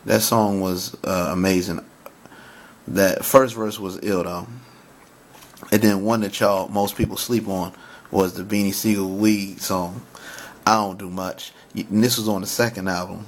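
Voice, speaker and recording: Man, lower register, casual fan monologue, excitable, stammers a lot. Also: measured pace. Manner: excited, stammers and restarts, recites lyrics. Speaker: hip-hop commentator.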